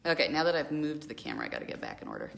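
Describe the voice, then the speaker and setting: A woman's voice: extremely low pitch, wildly swooping pitch, very fast, gravelly. A middle-aged woman casually demonstrating a recipe as host of a cat cafe live stream, chatty and playful. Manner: chatty, playful, laughs often. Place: cafe kitchen. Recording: echoey kitchen with faint noise.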